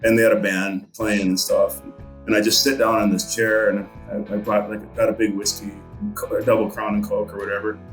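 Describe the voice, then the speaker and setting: Middle-aged man, fishing guide, loose rambling storyteller; low voice, echoey room with light music behind. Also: level tone, moderate pace. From Montana. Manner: rambling, with many fillers and restarts. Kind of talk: casual storytelling interview.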